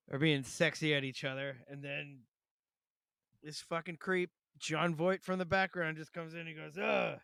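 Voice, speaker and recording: A man's voice: on the high side, fairly bright tone, clear, resonant tone, dry recording, studio quality. A man co-hosting a podcast in casual chat, retelling a film's scenes with lots of swearing and laughter. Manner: swears freely, laughs often, mocks movie lines. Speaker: podcast co-host.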